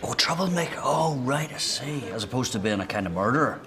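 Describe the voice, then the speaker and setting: A man doing a gruff jailed husband. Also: deep voice, normal speed, a crowd in the background, natural voice. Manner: guarded, sardonic, sighing. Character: man in prison, gruff and defensive.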